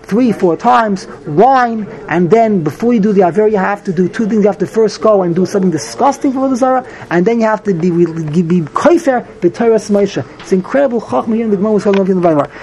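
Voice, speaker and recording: A man giving a Talmud class, reading Hebrew phrases and explaining them quickly in English with many restarts. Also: high voice, lively intonation, a little mellow, poor audio. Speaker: Talmud teacher.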